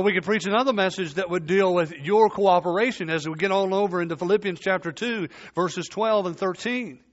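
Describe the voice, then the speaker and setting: A man preaching a sermon, emphatic and repeating key phrases, his voice sinking low at the ends of points. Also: fairly bright tone, lo-fi sound.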